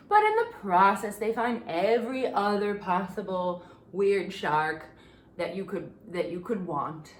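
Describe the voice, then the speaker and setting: A woman's voice: mid-range voice, echoey room. A young woman hosting a casual recap show, joking and swearing through her commentary. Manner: animated and joking, swearing, with asides and whispered gags. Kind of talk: casual comedic recap monologue.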